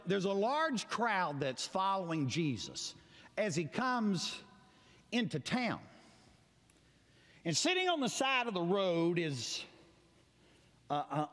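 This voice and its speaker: Preacher, male, high and very animated, dramatic storyteller, long hall reverb. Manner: dramatic storytelling, acting out voices, swings between loud cries and quiet asides. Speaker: pastor. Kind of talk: sermon. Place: church sanctuary.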